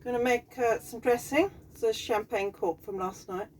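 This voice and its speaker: A woman's voice: a little high, moderate pace, darkish tone. A woman with a Southern English accent, a piano teacher chatting casually in a rambling, easygoing cooking vlog from her home kitchen. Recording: distant mic, faint background noise.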